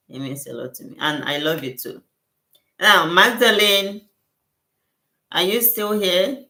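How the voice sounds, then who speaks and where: A woman skincare consultant answers questions on a casual livestream, her low-pitched voice sharp in tone. She's gushing and repetitive, often thanking those watching. The recording echoes around the room.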